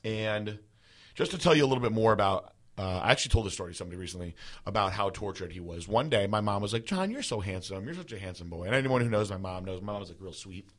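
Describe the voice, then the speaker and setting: A man's voice: lowish voice, fast talker. A man in his thirties telling a personal story in a casual, rambling way, full of fillers. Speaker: podcast host.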